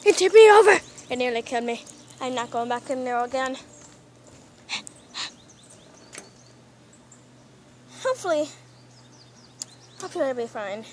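A woman voicing an excitable female plush pet toy who panics easily, with dramatic shrieks and pleading, in a toy role-play video. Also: high voice, brisk. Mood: shaken.

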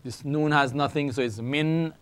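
A middle-aged man teaching an Arabic lesson, speaking slowly and repeating words for learners. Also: fairly high pitch, smooth. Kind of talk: classroom language lesson.

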